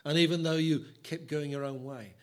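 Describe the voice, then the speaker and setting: A man speaking as God in a calm, patient voice that is low, quiet and measured. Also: lightly acted. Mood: solemn.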